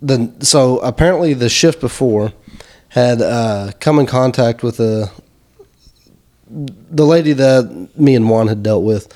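Easygoing young male co-host, mid pitch, loose conversational delivery. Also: unhurried. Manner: relaxed, rambling anecdotes with fillers. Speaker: podcast co-host. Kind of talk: casual chat.

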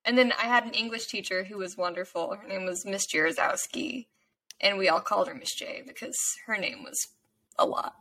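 A woman's voice: medium pitch, expressive, normal speed, sharp tone, slight background noise. A woman, telling stories in casual podcast chat as a co-host. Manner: chatty, enthusiastic storyteller.

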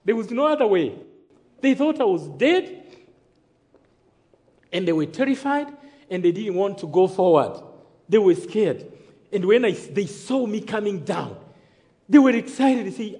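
A man's voice: high-pitched, lively intonation, normal speed, darkish tone. A man from Rwanda giving a sermon testimony, emphatic, calling for amens and acting out the dialogue of his story. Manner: emphatic, calls for amens, acts out quoted dialogue. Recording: long hall reverb.

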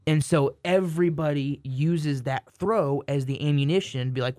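A young man co-hosting a casual sports podcast, joking and rambling with quick restarts. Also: fairly high pitch, darkish tone, no echo, clean studio sound. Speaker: podcast co-host.

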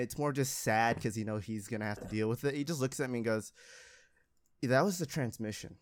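A young man tells a story in a casual, rambling way, stopping to laugh at himself. His voice sits at an ordinary middle pitch, and he talks like he is chatting with friends. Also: a bit bright, smooth. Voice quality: laughs often, rambling and self-mocking. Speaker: auto shop worker telling a story.

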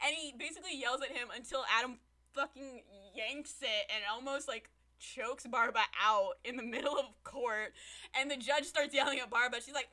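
Bright, animated woman recapping a show. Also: high voice, normal speed. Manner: animated, profane storytelling that acts out the characters' lines. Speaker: podcast co-host. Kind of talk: casual chat recapping a TV episode.

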